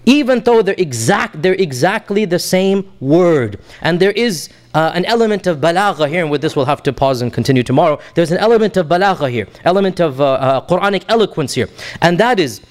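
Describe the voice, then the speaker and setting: High-voiced man teaching a Quran lesson. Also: lively intonation, fairly quick. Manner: recites Arabic verses then translates and explains; patient, repeats points for emphasis. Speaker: Islamic teacher. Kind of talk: Quran lesson explaining verses.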